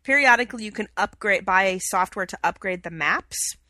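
A woman's voice: mid-range voice, a little fast, pushed and bright, no echo. A young woman co-hosting a podcast, chatting casually and gushing with enthusiasm. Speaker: podcast co-host. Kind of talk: casual chat.

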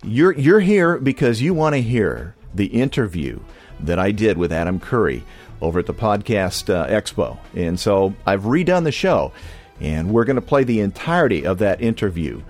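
A man's voice: on the low side, very animated, moderate pace, a little mellow, soft background music. A man from California hosting a podcast in a casual, rambling monologue with many restarts. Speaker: podcast host.

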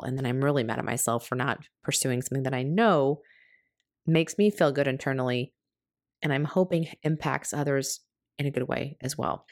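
A woman hosting her own podcast, talking in a chatty, self-reflective way with quick asides. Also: sits low, no room sound, studio quality. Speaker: podcast host.

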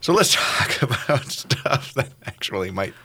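A man's voice: medium pitch, sing-song, unhurried, pushed and bright, slight background noise. A man hosting a podcast in casual chat, playful and rambling, with lots of filler words. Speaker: podcast host.

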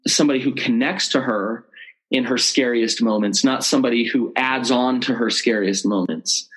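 A man talking as the expert guest in an interview, with a voice of ordinary, middling pitch. He explains things earnestly and slips into the voices of people he is quoting. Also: moderate pace, a bit bright, slightly rough, poor audio. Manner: earnest, explanatory, acts out quoted speech. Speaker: betrayal trauma expert guest. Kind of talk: conversational interview.

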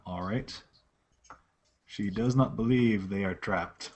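A man's voice: on the low side, slow pace, a little mellow, slight background noise. A man running a tabletop game as game master, describing scenes in detail and often restarting his sentences. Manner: descriptive narration with frequent restarts.

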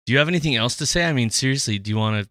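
A man co-hosting a podcast, chatting casually, excitable and jokey. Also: medium pitch, very fast, dry recording, studio quality. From Irish descent. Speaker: podcast co-host.

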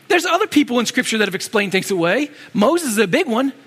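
This preacher talks quickly with few pauses, delivering an animated, informal sermon full of rhetorical questions. His voice is high, bright, and slightly rough, with wide pitch swings. A long hall reverb follows each line.

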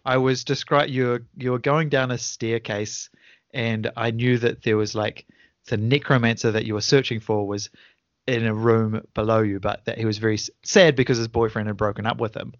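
A man's voice: mid-range voice, steady tone, normal speed, no echo, muffled recording. A man hosting a casual debrief podcast as game master, rambling and correcting himself as he recalls past sessions. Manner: rambling, self-correcting, chuckling.

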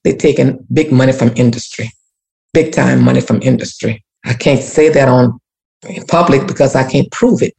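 A community activist guest with a bass voice, gravelly yet warm, speaks at a moderate pace. She tells an emotional personal story as church-rooted testimony, repeating herself and speaking of prayer.

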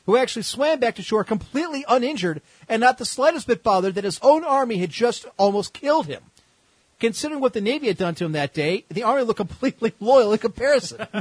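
Husky sarcastic male storyteller. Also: sits high, dry recording, poor audio. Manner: sarcastic, irreverent asides. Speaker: podcast host. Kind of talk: comedic history storytelling.

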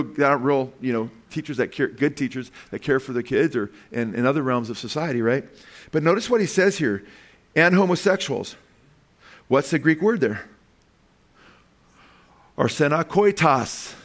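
A man preaching a sermon to his congregation, pausing to ask questions and walk them through slides word by word, with frequent "okay" and "right". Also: medium pitch. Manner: emphatic, asks the congregation questions. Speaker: pastor.

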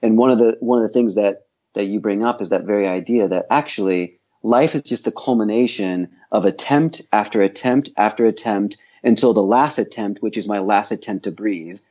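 A man's voice: on the low side, normal speed, darkish tone, lo-fi sound. A man working as a voice coach and acting teacher, speaking in a podcast interview in a reflective, opinionated way, thinking aloud with frequent restarts.

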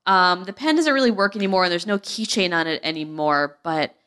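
A woman's voice: fairly low pitch, a little fast, fairly bright tone, clear, resonant tone. A woman hosting a podcast, chatting in a brash, joking way and swearing freely. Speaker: podcast host. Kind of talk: casual podcast chat.

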